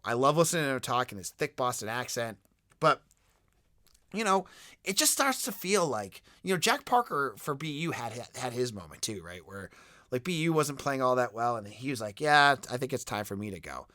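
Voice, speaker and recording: A man hosting a solo sports podcast, talking in an animated, rambling way with frequent restarts. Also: medium pitch, moderate pace, dry recording, studio quality. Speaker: podcast host.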